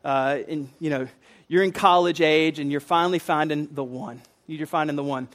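A man's voice: fairly high pitch, fairly even intonation, normal speed. A man preaching a sermon in a conversational, earnest way, with casual asides and fillers.

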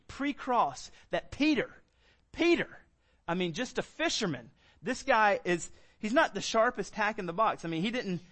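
A man delivers a sermon, talking through scripture verse by verse. His voice sits a touch high, and he mixes relaxed asides with emphatic, stressed declarations. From Southern United States. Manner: earnest teaching, emphatic, conversational asides. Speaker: pastor.

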